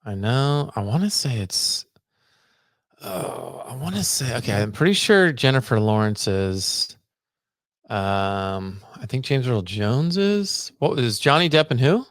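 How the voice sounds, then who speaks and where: A man's voice: medium pitch, sing-song, measured pace, no room sound, clean studio sound. A man co-hosting a podcast, thinking aloud and muttering guesses while answering trivia in casual chat. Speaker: podcast co-host.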